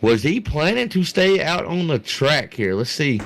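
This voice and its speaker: A man doing live play-by-play commentary for a sim racing league, rambling and excitable, talking to his producer on air. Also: a little high, unhurried, vocal fry.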